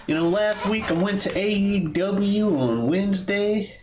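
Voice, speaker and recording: A man's voice: high-pitched, measured pace, a little mellow, faint music behind. A man co-hosting a podcast in casual chat, jokey and boastful, swearing freely. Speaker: podcast co-host. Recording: echoey room.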